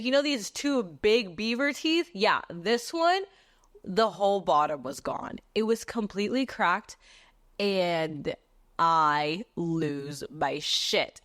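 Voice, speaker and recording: A young woman host spins a dramatic personal story in loose, chatty fashion. She swears freely and leans on "like" in almost every line, with animated delivery and a mid-range voice. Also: medium pitch. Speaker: podcast host. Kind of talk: casual storytelling chat.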